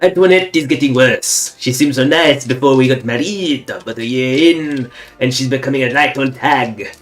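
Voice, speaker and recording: A man's voice: mid-range voice, moderate pace, soft background music, close to an everyday voice. A man putting on a grumbling fake-French farmer. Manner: hammy mock-serious journal reading. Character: grumbling married male farmer, newlywed.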